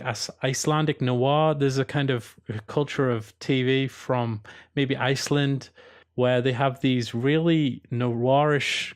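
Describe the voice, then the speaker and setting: Geordie male host, mid-pitched, casual opinionated review talk with restarts. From Newcastle upon Tyne, England. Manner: opinionated, rambling with restarts, given to rants. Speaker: video host reviewing episodes. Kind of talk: casual commentary.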